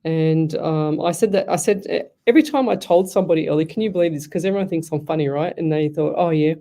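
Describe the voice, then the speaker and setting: A woman's voice: deep voice, fast, warm tone. An Australian woman hosting a live psychic radio show, chatty and effusive, rambling through stories. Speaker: psychic medium radio host. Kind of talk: casual live radio chat.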